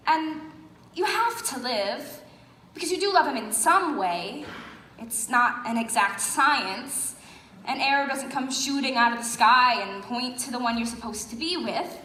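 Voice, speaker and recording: A woman's voice: on the high side, sharp tone, a little hiss or hum. A woman playing a wistful record-loving narrator, confiding and musing to the audience in a stage play. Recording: echoey hall, live stage.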